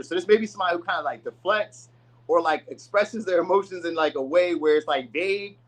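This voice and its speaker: A man talks through a tarot reading in a loose, rambling way, full of asides. His voice sits a little high for a man, and he now and then slips into voices for the people he describes. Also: quick pace, poor audio. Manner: loose, rambling, chatty delivery with many asides; acts out quoted people in voices. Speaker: tarot reader. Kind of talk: casual tarot reading to camera.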